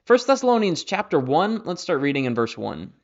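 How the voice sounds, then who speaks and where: A young man hosts a Bible study in a relaxed, chatty way, trailing off into fillers and restarting his sentences. His voice sits a little high for a man. The audio sounds slightly dull and lo-fi. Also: fairly quick. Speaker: Bible teacher and podcast host. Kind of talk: casual Bible study talk.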